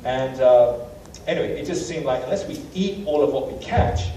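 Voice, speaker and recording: British guy lecturing, mellow voice, self-deprecating storyteller, distant echoey hall with faint hiss. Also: mid-range voice, lively intonation, moderate pace. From Britain. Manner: anecdotal, self-deprecating, many fillers. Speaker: guest lecturer. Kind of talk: humorous travel lecture.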